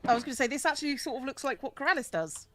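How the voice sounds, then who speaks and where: A woman's voice: high-pitched, lively intonation, racing, fairly bright tone. A woman chatting casually with a friend while they play a building game, teasing and sarcastic. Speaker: co-player and regular. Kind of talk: casual chat while gaming.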